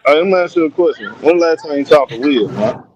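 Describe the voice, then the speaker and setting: A man's voice: on the high side, expressive, fast talker, highs cut off, a crowd in the background. A man in a casual sports chat who teases the others and keeps restarting his lines to get a word in. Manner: teasing, restarts lines to grab the floor. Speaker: podcast co-host.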